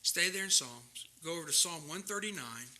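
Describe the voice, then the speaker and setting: A man preaching a sermon, swinging from quiet asides to loud, impassioned reading of scripture. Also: on the high side, lively intonation, moderate pace.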